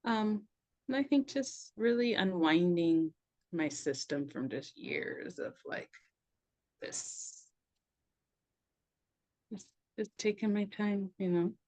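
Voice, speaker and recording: A woman's voice: medium pitch, animated, takes it slowly, pauses often, darkish tone. A middle-aged woman talking as a podcast guest in a loose, reflective way, laughing often and saying "like" a lot. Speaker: podcast guest, somatic practitioner. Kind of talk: casual reflective conversation.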